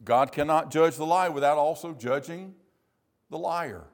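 A man preaching a sermon in a church, slowing down to stress key phrases. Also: a little high. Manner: measured, emphatic preaching with slow stressed phrases.

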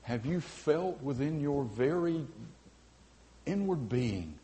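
A man preaching a sermon as pastor in a church, earnest and fervent, swinging from loud cries to quiet, personal appeals. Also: a little high, expressive, slow pace. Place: church sanctuary with balcony.

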